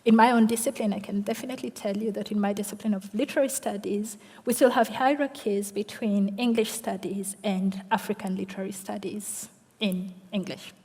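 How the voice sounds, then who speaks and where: A woman scholar delivers an academic lecture in a measured way, often checking in with her listeners and circling back over her words. Her voice is mellow and relaxed at a middling pitch. The sound rings with the long reverb of a large lecture hall. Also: breathy edge. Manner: measured, adds tag questions and repeats words. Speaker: lecture respondent, literary studies scholar.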